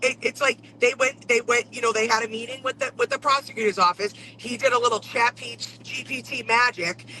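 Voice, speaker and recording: A man's voice: very high-pitched, fairly even intonation, fairly quick, hardly any pauses, sharp tone, slight background noise, low-quality recording. A man casually talking over a trial on a livestream, blunt and a bit profane. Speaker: trial commentator.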